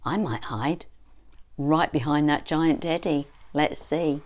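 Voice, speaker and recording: A woman reading a storybook aloud to young children, slow and expressive, with gasps and questions to the listeners. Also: sits low. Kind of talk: storytime reading for under-fives.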